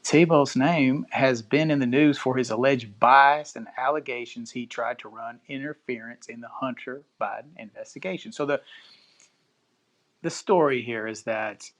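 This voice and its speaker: A male podcast host on a live stream, talking in a loose, casual way. He reads news stories aloud and drops profane asides along the way. His voice sits at an ordinary middle pitch for a man. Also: normal speed.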